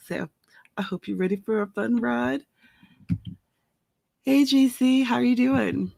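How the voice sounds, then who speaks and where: Slow-talking woman with a gravelly voice. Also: a little high, darkish tone, no echo. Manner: chatty, friendly, greets viewers by name. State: irritated watering eye. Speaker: author and livestream host. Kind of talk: casual livestream chat. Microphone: headphones with mic.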